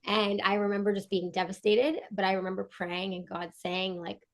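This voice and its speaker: A woman guest on a podcast, a breathwork coach, telling a personal story in an earnest, animated way with many restarts. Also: medium pitch, normal speed. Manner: earnest, animated, acts out quoted dialogue.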